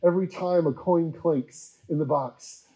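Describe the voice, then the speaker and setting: A man voicing a showy male preacher selling forgiveness for cash on a street corner, in a loud salesman-like pitch. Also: a little slow, lo-fi sound, lightly acted. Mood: hawking.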